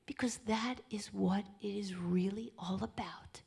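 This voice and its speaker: A woman giving an inspirational talk on marriage, often dropping into a soft, intimate near-whisper. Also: mid-range voice, steady tone, a little slow, creaky, few pauses, husky. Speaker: speaker at a charity event.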